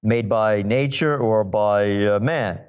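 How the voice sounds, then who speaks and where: A man's voice: fairly low pitch, slow, clear, resonant tone. Emphatic sarcastic man on a dull line. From New York. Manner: emphatic and sarcastic, mocking voices. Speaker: guest forecaster. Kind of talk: opinionated podcast interview.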